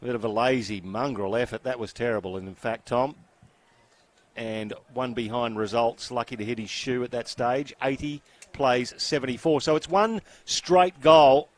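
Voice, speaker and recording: An Australian man calling a football match through a headset, brisk with wry asides. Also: mid-range voice, fairly even intonation. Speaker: play-by-play commentator. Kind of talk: sports commentary.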